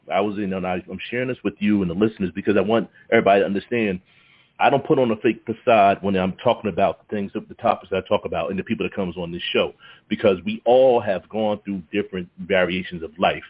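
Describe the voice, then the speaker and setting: A man with a husky, fairly low voice, hosting a talk show in a heartfelt, halting way and often restarting his sentences. The audio is dull and lo-fi. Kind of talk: emotional personal talk, then hosting.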